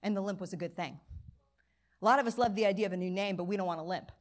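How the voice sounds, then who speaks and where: A woman pastor preaching a sermon at a church service, telling a childhood story with lively acted-out quotes. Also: mid-range voice, racing.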